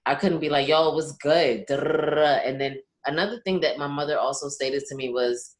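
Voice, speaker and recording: Young woman from the caribbean, deep voice, earnest, keeps checking you follow her. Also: fairly quick. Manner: earnest, keeps asking "you understand what I'm saying?". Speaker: podcast co-host. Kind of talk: casual podcast discussion.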